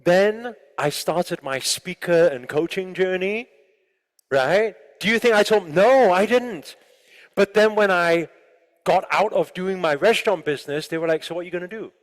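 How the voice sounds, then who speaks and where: A man giving an animated motivational talk to a live audience, often asking the listeners questions. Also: sits high, a little slow. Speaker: motivational speaker. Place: large room with an audience. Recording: long hall reverb.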